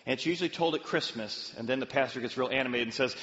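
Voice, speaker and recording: A pastor delivers his sermon quickly and with few pauses in a medium-pitched voice, telling stories and sometimes voicing their characters in a lively way. The audio sounds dull and carries a long reverb tail.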